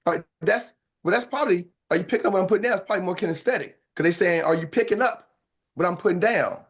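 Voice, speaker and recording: Brief: American male sales coach, fairly high voice, playful, acts out examples. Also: fast. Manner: animated, playful, acts out lines and sound effects. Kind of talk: live sales training on a video call.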